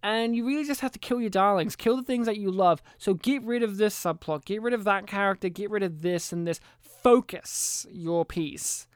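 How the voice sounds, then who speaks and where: A man hosting a casual film review podcast, animated and joking. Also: sits high, normal speed, hardly any pauses, clear, resonant tone, no echo, studio quality. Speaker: podcast host.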